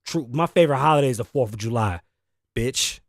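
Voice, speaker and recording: A man's voice: medium pitch, expressive, fairly quick, no echo, studio quality. A man from the Bronx, hosting his own show in a rambling, profane, self-deprecating monologue, sounding tired. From New York, the Bronx. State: sleepy, tired. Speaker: host. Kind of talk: casual solo talk show monologue. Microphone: studio mic through audio interface.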